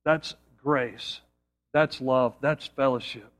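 A pastor preaching a sermon and telling an illustration story in an earnest manner, often dropping low and quiet for emphasis. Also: male voice, fairly even intonation, takes it slowly.

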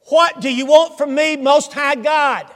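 A preacher voicing a loud male demon who speaks for many spirits, shouting high and drawn out. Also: monotone, a little slow, exaggerated voice. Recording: long hall reverb.

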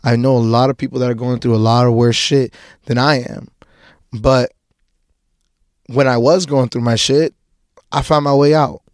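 A young man talks alone in a loose, rambling way, stumbling over restarts and swearing casually as he goes. His pitch sits in an ordinary middle range. The recording is close and dry, with almost no room sound. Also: fairly even intonation, moderate pace, long pauses, dry recording. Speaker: podcast host. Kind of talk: casual personal monologue.

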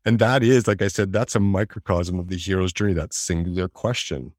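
A man talking in a reflective conversation, animated, acting out inner voices and laughing often. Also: low-pitched, brisk, no echo, clean studio sound.

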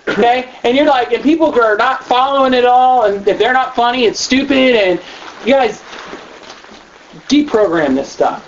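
A man giving a training talk to youth leaders, animated and acting out the kids he quotes. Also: extremely high pitch. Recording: dull lo-fi room recording with faint noise.

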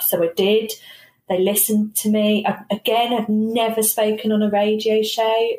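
A middle-aged British woman who runs a coach company, chatting as an interview guest and telling lively stories with frequent laughter. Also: mid-range voice, normal speed. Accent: British English. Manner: animated, laughing storyteller who quotes herself. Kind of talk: casual interview chat. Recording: roomy recording with a faint hiss.

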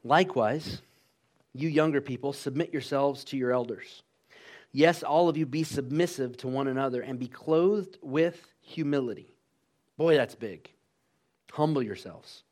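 A man preaching a sermon, calling out to the congregation in a lively, engaged way. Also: mid-range voice, measured pace. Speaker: pastor.

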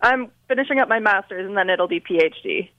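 A woman's voice: mid-range voice, quick pace, no room sound. A woman in her twenties calling in on the phone, talking casually with lots of fillers. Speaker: caller, guest on the phone. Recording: dull, dry phone line.

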